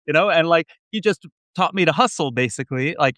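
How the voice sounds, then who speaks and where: A man's voice: on the high side, animated, fast, a bit bright, no room sound, studio quality. A man, a guest on a video call interview, telling rambling, self-deprecating stories from his computer with many restarts. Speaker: guest, venture investor. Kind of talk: casual interview storytelling.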